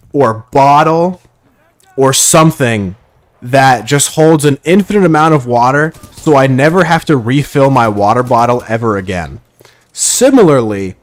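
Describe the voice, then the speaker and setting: A man streaming a shooter game live, chatting casually in a rambling, playful way and reading viewer messages aloud. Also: a little high. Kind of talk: casual live gameplay chat.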